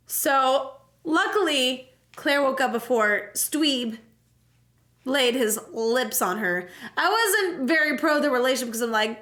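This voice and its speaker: A young woman streamer giving a casual, jokey and profane recap of a game, telling it with animated energy. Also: sits high, takes it slowly.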